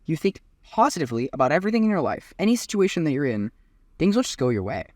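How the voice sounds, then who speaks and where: A man's voice: fairly high pitch, very animated, quick pace, dry recording, studio quality. A young man hosting a casual chat, giving rambling, hyped motivational talk with plenty of swearing. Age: young adult. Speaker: host.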